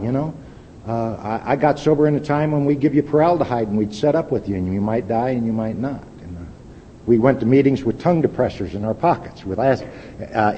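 An older man speaking at a recovery meeting, giving a plain-spoken, wry and candid personal testimony. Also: dark tone. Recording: lo-fi echoey hall with faint rumble.

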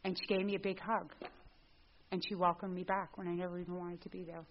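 A middle-aged woman telling her recovery story to a group. She is a lively storyteller who acts out the dialogue. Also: fairly low pitch, quick pace, slight background noise. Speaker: speaker at a recovery meeting. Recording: dull lo-fi recording.

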